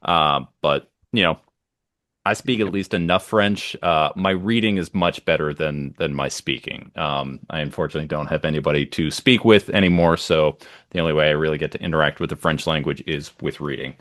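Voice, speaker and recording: A man's voice: very deep voice, fairly even intonation, fairly quick, a bit bright, no echo, studio quality. A man co-hosting a casual podcast chat, enthusiastic and rambling with plenty of ums and uhs. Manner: enthusiastic, rambling with many fillers. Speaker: podcast co-host.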